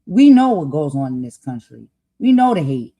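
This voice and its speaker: A woman from the United States hosting a political talk show, speaking with impassioned conviction and growing loud as she makes her points. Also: sits low, very animated, normal speed, lo-fi sound. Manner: impassioned, grows loud and emphatic. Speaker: host. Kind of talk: heated political commentary.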